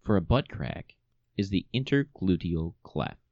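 A man's voice: low-pitched, very animated, a little slow, creaky, dry recording, lo-fi sound. A man co-hosting a comedic podcast, sharing a trivia fact with an easygoing chuckle. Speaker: co-host sharing trivia facts.

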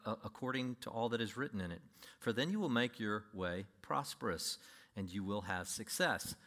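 A man preaching a sermon to his congregation, emphatic, with sudden swings between loud and quiet delivery. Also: medium pitch. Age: older. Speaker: pastor.

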